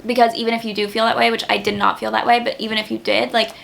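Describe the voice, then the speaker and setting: Young woman, YouTuber, casual vlog, earnest, filler-heavy, higher voice with vocal fry. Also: flat delivery, fast, fairly bright tone. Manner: earnest, grateful, with frequent "like" fillers. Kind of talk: casual vlog talk to camera.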